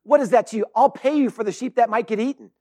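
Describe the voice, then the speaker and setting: A pastor voicing a pushy high-voiced hunter. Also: male voice, animated, fairly quick. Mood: pressing. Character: insistent male hunter, pressing and bargaining.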